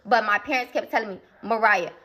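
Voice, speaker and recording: A woman's voice: mid-range voice, normal speed, pushed and bright. A young woman telling a personal story in a casual vlog, emphatic and talking straight to her viewers with repeated asides.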